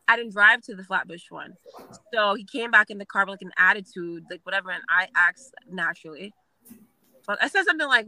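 A woman's voice: medium pitch, no echo, poor audio. A young woman telling a story bluntly, with plenty of swearing. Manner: blunt, profane, animated. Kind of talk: casual storytelling.

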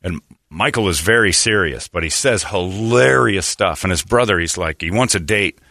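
A man's voice: sits low, moderate pace, gravelly, dry recording, clean studio sound. A man hosting a comedic podcast chat, rambling and sarcastic. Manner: rambling, sarcastic, animated, slips into mock voices.

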